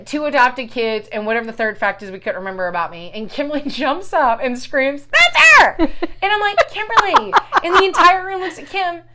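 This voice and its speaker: A woman's voice: high voice, fairly quick, hardly any pauses, heavy background noise. A woman co-hosting a podcast, telling a story in casual chat, swearing freely and acting out what people said. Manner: profane, animated storyteller acting out quotes.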